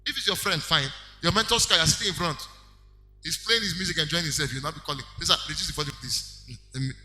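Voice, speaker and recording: A man preaches with animated energy, slipping into short acted exchanges to make his point. His voice sits high and sharply bright. It rings through a roomy hall with faint music underneath. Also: fast talker. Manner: animated preaching, acting out little dialogues. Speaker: pastor. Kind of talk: sermon.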